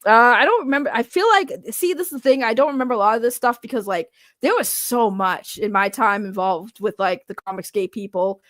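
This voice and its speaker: A woman with a high, bright-sitting voice reacts in casual commentary, laughing often and cursing without a filter. Her voice is close and dry, with no room sound around it. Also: brisk, few pauses, no echo. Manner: animated, laughs often, swears freely. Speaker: reaction video host.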